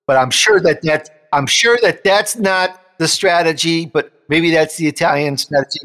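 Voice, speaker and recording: With an expressive, bright, somewhat high voice at normal speed, a male show host conducts an interview chat in a big-sounding room. His delivery is emphatic and eager, punctuated by laughter between points.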